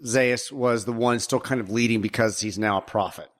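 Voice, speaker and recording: A man co-hosting a podcast, chatting casually about a movie in an animated way and often repeating words as he starts a thought. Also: mid-range voice, normal speed. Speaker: podcast co-host.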